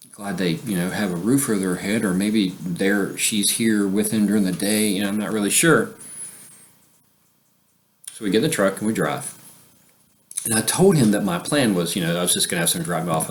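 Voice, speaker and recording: Rambling man telling a story. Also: lowish voice. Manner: rambling, full of fillers, chuckling often. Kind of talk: casual personal storytelling.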